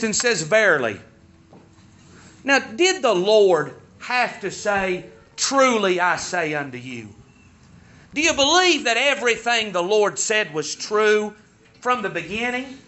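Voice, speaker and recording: A man preaching a sermon in a high, ringing voice. He leans on key words and repeats them for stress. The recording is muffled and lo-fi. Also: expressive, a little slow, sharp tone.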